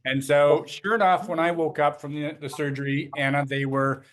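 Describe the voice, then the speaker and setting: Upbeat chatty man, slightly high voice. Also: steady tone, normal speed, fairly bright tone. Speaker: co-host of a company call. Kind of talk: casual chat and storytelling.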